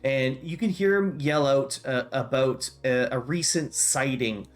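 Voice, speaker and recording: A man's voice: medium pitch, a little slow. A young man narrating as game master of a tabletop game, with loose, filler-heavy narration.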